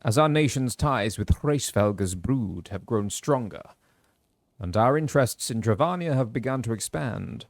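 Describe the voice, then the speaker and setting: An actor playing a male mercenary captain, reading game dialogue aloud in a measured, formal delivery. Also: mid-range voice, gravelly, no room sound.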